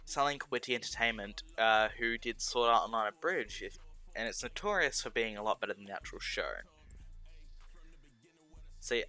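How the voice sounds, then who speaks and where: Bright-voiced South Australian man rambling. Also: on the low side. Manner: rambling, sarcastic, self-correcting. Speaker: streamer. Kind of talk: casual chat while gaming. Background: faint background music.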